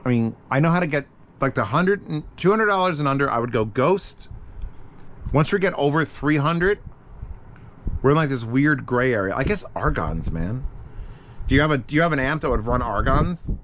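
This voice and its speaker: A man streaming live, talking through headphone advice in a loose, rambling way and swearing freely. His pitch sits in the ordinary male middle. A clear hiss of background noise runs under his voice. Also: expressive, normal speed, fairly bright tone. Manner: profane, rambling, thinking aloud. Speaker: streamer answering audio questions. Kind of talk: casual livestream chat.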